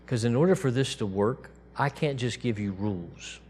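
A man preaching a sermon to his congregation in a relaxed, conversational way, dropping to a soft, quiet voice when he quotes God. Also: medium pitch, normal speed, husky. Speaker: pastor.

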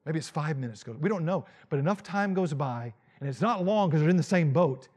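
A male pastor preaching a dramatic, animated sermon and acting out Bible scenes. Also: a little high, a little fast, breathy edge.

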